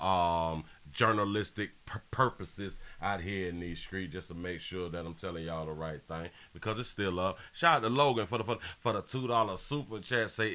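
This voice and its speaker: A man's voice: deep voice, pushed and bright. A man hosting a live stream, chatting casually in slang, repeating phrases and reading out viewer donations. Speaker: livestream host.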